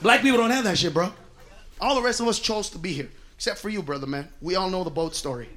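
Loud, profane male stand-up comic. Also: high-pitched, quick pace. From United States. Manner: loud, profane, swings between shouting and muttering asides. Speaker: stand-up comedian. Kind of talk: stand-up comedy set.

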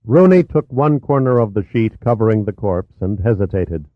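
A man with a low voice reads a thriller aloud at a steady, even pace. The recording is dry and close. It is also thin and phone-like. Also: moderate pace, dry recording. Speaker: narrator. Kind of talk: audiobook narration. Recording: tinny narrow-band audio.

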